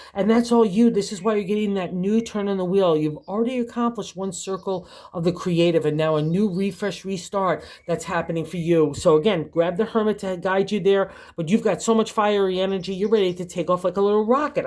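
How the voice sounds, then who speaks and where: A woman's voice: on the low side, a little mellow. An older woman giving a casual, encouraging tarot reading, chatty and full of conversational fillers. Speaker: tarot reader.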